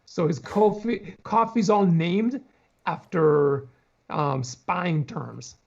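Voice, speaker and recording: A man's voice: high voice, slow pace, vocal fry. A man, a pastor, chatting casually and enthusiastically on a video call, born on an island outside America. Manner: animated, enthusiastic, with restarts. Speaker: pastor and guest. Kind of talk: casual livestream chat. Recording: dull lo-fi video call audio.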